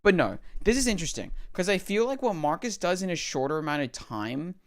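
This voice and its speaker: A young male streamer with a smooth, clean voice, chatting on a live stream as he reacts to game trailers. He rambles, apologizes, and laughs at himself. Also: high-pitched, expressive, a little fast. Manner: apologetic, rambling, self-deprecating.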